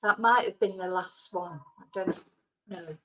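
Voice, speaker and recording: A woman's voice: fairly low pitch, unhurried, fairly bright tone, poor audio. A woman hosting a casual live stream, chatting with viewers and soothing her dog. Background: faint fireworks.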